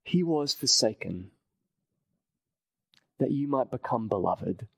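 A man preaching a sermon, earnest and emphatic, repeating phrases and dropping his voice to a hush at key points. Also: mid-range voice, expressive, takes it slowly, creaky, slightly rough, no echo, rough recording.

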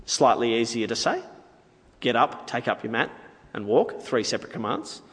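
A man's voice: mid-range voice, very animated, moderate pace, a bit bright, in a large hall. A man preaching a sermon in a conversational, playful way, with asides to the audience.

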